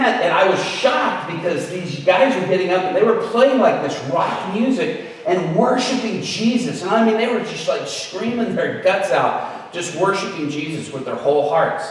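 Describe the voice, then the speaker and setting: A man giving an animated, conversational storytelling sermon as a guest speaker. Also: high voice. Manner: animated, conversational, often laughing. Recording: echoey hall, voice far from the mic.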